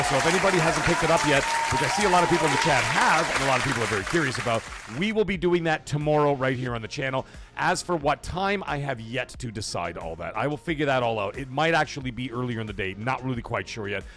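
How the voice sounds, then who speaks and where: Casual chatty canadian guy, middle-aged, streams games, tells long rambling stories, swears a lot, voice jumps all over. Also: mid-range voice. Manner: rambling storyteller, swears freely, gets loud when excited. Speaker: livestream host. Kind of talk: casual live-stream chat.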